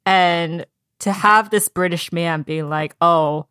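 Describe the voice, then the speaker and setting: A woman with a lowish voice chats about a book she loved. She retells scenes in a lively way, slipping into the characters' lines with plenty of fillers. The sound is close and dry, with no room around it. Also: slow, clear, resonant tone, no echo. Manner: animated storytelling, acts out characters' lines. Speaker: book discussion co-host. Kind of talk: casual chat.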